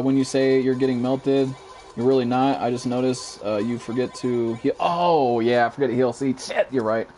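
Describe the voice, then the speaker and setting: A young American man streaming a shooter game, cursing constantly, ranting and reading out viewers' chat messages. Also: medium pitch. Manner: profane, excitable, reads chat aloud. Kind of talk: live gameplay commentary.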